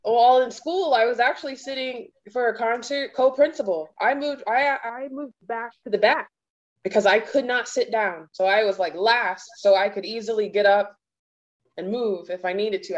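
A woman's voice: fairly high pitch, moderate pace, dull audio. A woman guest, a violist and educator, speaking frankly and matter-of-factly in a conversational interview.

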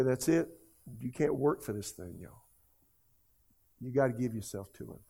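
A man's voice: mid-range voice, expressive, normal speed, gravelly, pauses often, warm tone, breathy edge. A man, preaching a sermon as a pastor and pleading earnestly with his listeners in an emotional altar call.

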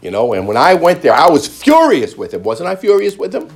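A man gives a testimony sermon in a husky, slightly high voice that swings widely in pitch. He jokes with the congregation and keeps switching into animated quoted voices. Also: a little fast, few pauses. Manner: joking with the congregation. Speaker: preacher.

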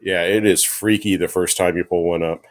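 A man chatting casually as a podcast guest, describing a fishing spot in a relaxed, matter-of-fact way. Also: low voice, normal speed. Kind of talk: casual chat.

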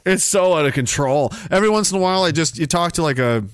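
A man's voice: a little high, expressive, quick pace, smooth, no echo, studio quality. A man in his forties hosting a livestream, reading viewer comments aloud with profane, sarcastic banter and frequent laughter.

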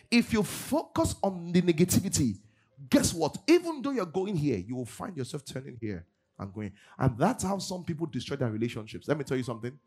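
Animated husky pastor preaching. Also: male voice. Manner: animated, swings from loud bursts to low asides. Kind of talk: sermon. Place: church service.

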